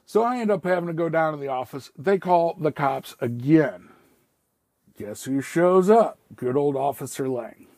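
A man's voice: on the high side, expressive, moderate pace, darkish tone, dry recording. A man casually telling a rambling, profane personal story, quoting everyone with "I was like". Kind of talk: casual spoken anecdote.

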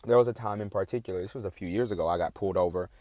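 A man's voice: low voice, racing, dark tone, dry recording, clean studio sound. A man in a casual, heated monologue, talking in a profane, emphatic and indignant way.

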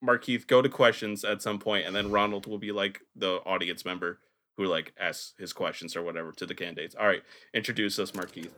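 A man's voice: sits low, brisk, slight background noise. A man hosting a podcast, telling stories in crude, laughing casual chat. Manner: crude, laughing, lively storytelling. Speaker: podcast host.

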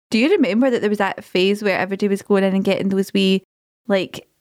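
Scottish woman co-host; quick reactions, giggly, mid pitch, dry close mic. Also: a little mellow, dry recording. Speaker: podcast co-host. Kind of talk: casual chat.

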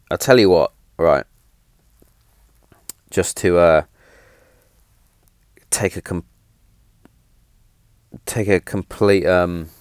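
A man's voice: low voice, very slow, pauses often, a little mellow, clean tone, no room sound, studio quality. A man, telling stories in a blunt, chatty way, often repeating himself and swearing. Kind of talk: casual storytelling monologue.

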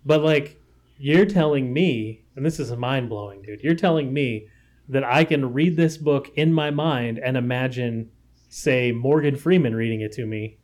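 A man's voice: medium pitch, measured pace, a little mellow. A man co-hosting a podcast in casual chat, emphatic and repeating himself as he argues.

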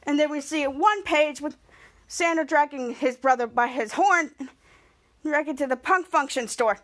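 High-voiced woman animatedly recapping a show. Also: normal speed. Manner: animated retelling, acting out characters' lines with gasps. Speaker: podcast host recapping a TV episode. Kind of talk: casual episode recap.

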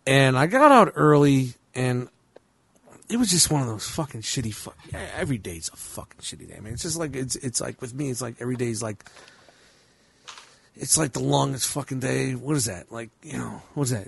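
A man's voice: medium pitch, expressive, brisk, gravelly, breathy edge. A man co-hosting a podcast, talking casually in a rambling, profane way and laughing often. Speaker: podcast co-host. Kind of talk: casual chat.

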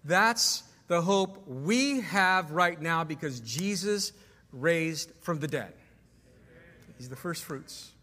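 A man's voice: fairly high pitch, expressive, slow, pushed and bright, in a large hall. A man preaching a sermon as pastor to his congregation, emphatic, asking the room questions. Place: church sanctuary.

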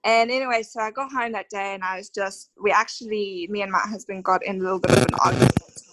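A woman's voice: medium pitch, steady tone, fast, a bit bright, low-quality recording. A woman in her thirties with an Australian accent, telling her personal story as a podcast guest in a heartfelt, emotional way with many fillers. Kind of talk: conversational storytelling interview.

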